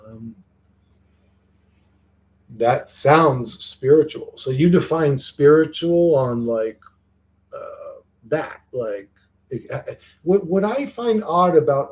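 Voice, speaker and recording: A man's voice: a little high, expressive, slow, pauses often, a little mellow. A man hosts a casual livestream and chats loosely with his viewers. He rambles, swears often, and repeats words as he starts his sentences. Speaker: livestream host reading chat.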